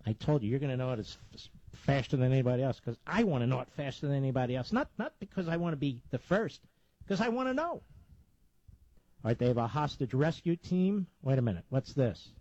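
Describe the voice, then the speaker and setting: A man's voice: medium pitch, sing-song, brisk, dark tone, dry recording, dull audio. A man hosting live talk radio, agitated as he relays police scanner calls to his listeners.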